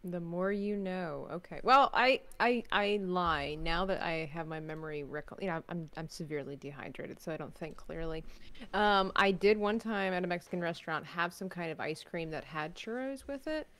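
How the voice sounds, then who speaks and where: A woman's voice: lowish voice, normal speed, a bit bright. A woman chatting casually with friends while gaming, playful and jokey, drifting into mumbled asides. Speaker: streamer.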